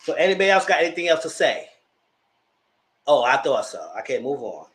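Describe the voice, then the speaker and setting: Sassy animated man reviewing reality TV. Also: mid-range voice, a little fast. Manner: animated, sassy, slangy, acts out the cast's lines. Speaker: TV reality show commentator. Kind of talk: live TV review chat.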